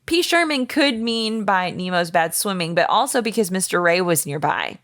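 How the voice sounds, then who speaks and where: A woman's voice: medium pitch, animated, normal speed, fairly bright tone, no room sound, studio quality. A woman co-hosting a podcast, reading out a fan theory in a playful, giggly way. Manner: playful, giggly, tries silly accents. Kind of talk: casual chat, reading a theory aloud.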